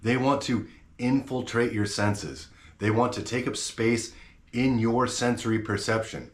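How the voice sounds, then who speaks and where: A man's voice: medium pitch, steady tone, unhurried, reverberant. A man hosting his own channel, talking straight to camera in a blunt, slangy, fired-up rant. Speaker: channel host.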